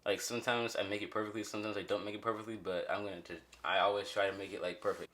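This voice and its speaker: A man's voice: fairly low pitch, little pitch movement, racing, a bit bright. A young man hosting a jokey, rambling origami tutorial from his bedroom, with mock-dramatic asides. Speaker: channel host. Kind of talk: goofy origami tutorial vlog. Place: bedroom, at a bare mattress.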